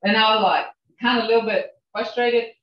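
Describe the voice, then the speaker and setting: An older woman teaches a language class over a video call, coaching patiently and often checking in with "okay?". Her voice sits on the high side with a steady tone and a slightly fast pace, captured from a distance. The call audio is muffled and echoey.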